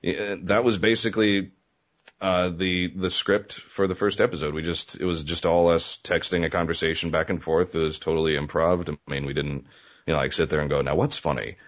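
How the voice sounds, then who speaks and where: A man with a very deep voice talks as a guest in a relaxed interview chat. He rambles, full of "um" and "you know", and laughs easily. The sound is muffled and lo-fi. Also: fairly quick. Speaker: guest, web comedy creator.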